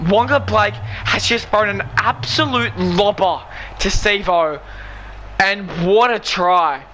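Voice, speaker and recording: Excitable man yelling at a game. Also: high voice, slow, a little hiss or hum. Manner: excitable, shouting and pleading at the game. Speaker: gaming YouTuber. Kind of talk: excited live gameplay commentary.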